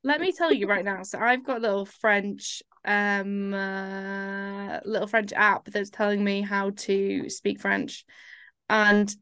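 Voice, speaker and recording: A woman's voice: mid-range voice, fairly even intonation, slow pace, fairly bright tone, smooth, no room sound, clean studio sound. A woman co-hosting a podcast, chatting casually in a rambling, self-mocking way. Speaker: podcast co-host. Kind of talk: casual chat.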